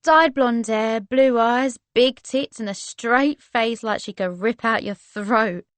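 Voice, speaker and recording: A woman's voice: fairly high pitch, takes it slowly, clear, resonant tone, no room sound. A woman voicing a friendly, laid-back young woman with a London accent who talks in casual slang. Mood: easygoing. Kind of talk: audiobook character voice.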